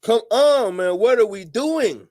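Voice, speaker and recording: A man speaking in a profane, preachy monologue to his viewers, often rising into shouts. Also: high-pitched, lively intonation, slow pace. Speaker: commentator. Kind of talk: animated monologue to camera.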